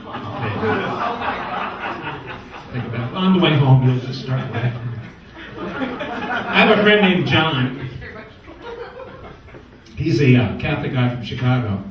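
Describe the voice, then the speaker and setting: A man from New doing a stand-up comedy set, wisecracking with deadpan setups and punchlines. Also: medium pitch, takes it slowly, long pauses, a crowd in the background. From New York. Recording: echoey room from far off.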